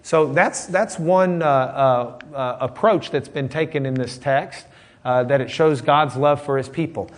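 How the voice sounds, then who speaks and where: A man's voice: mid-range voice, a little slow. A man teaching a casual Bible class, rambling through anecdotes with frequent restarts and fillers. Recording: long hall reverb.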